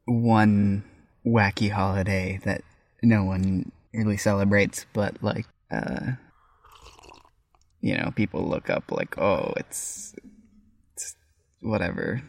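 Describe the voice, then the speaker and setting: A young man co-hosting a podcast, talking slowly and hesitantly in casual chat, often trailing off. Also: lowish voice, level tone, creaky, darkish tone, dry recording, clean studio sound. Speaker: podcast co-host.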